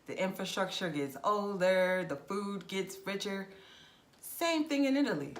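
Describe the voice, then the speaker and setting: A woman's voice: mid-range voice, normal speed, a little hiss or hum. A woman vlogger giving frank, direct travel advice in a casual monologue. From United States. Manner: frank, direct, animated with acted-out anecdotes.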